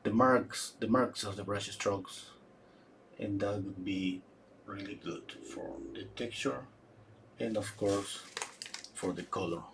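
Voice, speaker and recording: A man giving a live painting demonstration, thinking aloud in a halting way with frequent restarts. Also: fairly low pitch, background noise. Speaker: painting instructor.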